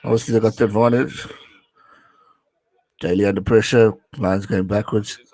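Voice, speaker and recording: A young man with a slightly low voice talks casually through a live rugby match while streaming. He chats and answers his viewers as he goes. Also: steady tone, normal speed, a little mellow, low-quality recording. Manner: chatty, reads out viewer messages. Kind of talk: casual live watch-along commentary.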